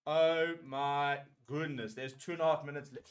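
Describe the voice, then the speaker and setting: A fairly high-voiced man commentating live on a rugby match for a fan watchalong. He frets and repeats himself over and over, calling each play with raw nerves. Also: steady tone, normal speed. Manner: nervous, emotional play-by-play, repeating phrases.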